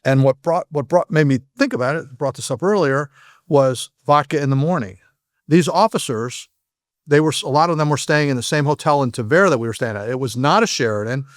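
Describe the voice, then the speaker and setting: A man's voice: medium pitch, no room sound, clean studio sound. A man who used to be an FBI agent, telling frank stories as a podcast guest and often restarting his sentences. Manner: frank, halting, with frequent restarts. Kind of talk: anecdotal storytelling in a podcast interview.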